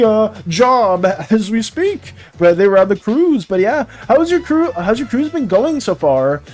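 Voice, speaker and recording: Lively streamer chatting over faint music. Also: mid-range voice. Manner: animated, greets chat by name, rambling restarts. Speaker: livestream artist chatting with viewers. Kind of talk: casual stream chat while drawing.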